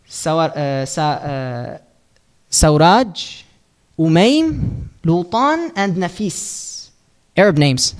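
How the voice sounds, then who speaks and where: Man giving a religious lesson. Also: high-pitched. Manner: explanatory, asks and answers his own questions; recites Arabic supplication quickly and softly. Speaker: Islamic teacher.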